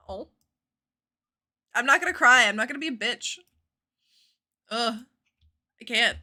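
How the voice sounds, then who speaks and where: A woman streaming a game live, chatting casually with viewers in a bubbly, animated way and swearing freely. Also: a little high, unhurried, pauses often. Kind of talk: casual live-stream chat while gaming.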